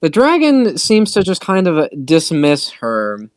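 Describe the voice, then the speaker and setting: Slow chill game master, lots of ums and laughs, dry close mic. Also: mid-range voice, huge pitch swings, clear, resonant tone, no echo. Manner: hesitant, laughing often. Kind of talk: narrating a tabletop game.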